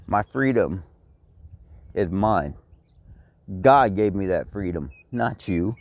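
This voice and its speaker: A man's voice: deep voice, expressive, extremely slow, long pauses, no echo. A middle-aged man with a Texan accent, delivering a blunt, profane personal rant full of repeated complaints. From Texas. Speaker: vlogger. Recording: dry, dull lo-fi sound.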